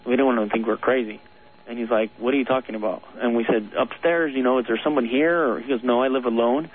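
A man of middle pitch calls in to a radio show and tells a long ghost story, earnest and rambling, with small nervous laughs. His voice is thin and tinny, squeezed through a phone line on the air. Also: quick pace. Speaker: caller.

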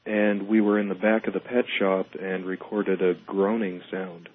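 A man talking as a paranormal investigator on a radio show, explaining calmly and in measured terms. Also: sits low, phone-quality sound. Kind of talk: casual radio talk.

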